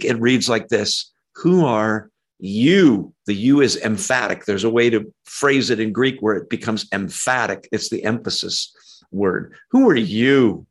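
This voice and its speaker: A man preaching a conversational verse-by-verse sermon, animated and jumping his pitch up when he acts out quoted lines, with frequent ums. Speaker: pastor. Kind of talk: expository sermon.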